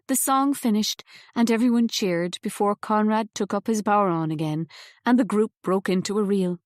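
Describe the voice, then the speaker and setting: The clip features a woman narrating an audiobook, delivering scripted lines with calm, even storytelling. Her mid-range voice comes through a dry, close-miked studio recording.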